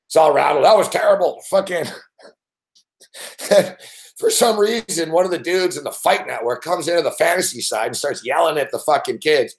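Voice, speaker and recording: A man's voice: on the high side, normal speed, creaky. A man hosting a sports betting show, telling a story in a casual way, swearing constantly and laughing often.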